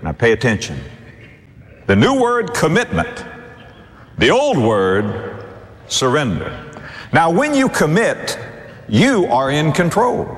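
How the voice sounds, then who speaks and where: A man preaching a sermon with emphatic rhetorical questions and sweeping pitch swings. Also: wildly swooping pitch, slow, long pauses, long reverb tail.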